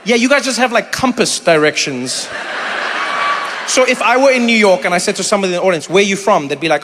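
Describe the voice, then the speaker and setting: A man in his forties from South Africa doing stand-up and crowd work, animated and acting out little voices as he talks, laughing along with the room. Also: high voice, quick pace, big-room sound, noisy background. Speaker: comedian. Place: comedy venue with a live audience.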